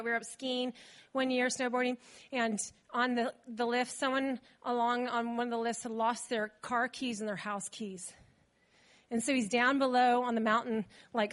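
A woman preaching a sermon in a chatty, animated way, with asides to the congregation. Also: fairly high pitch.

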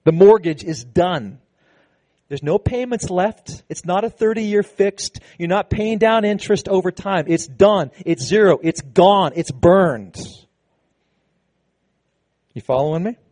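A man's voice: high-pitched, mellow, no room sound. Emphatic man preaching a sermon. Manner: preaching with call-and-response to the congregation; emphatic, slows down for key phrases. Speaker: pastor.

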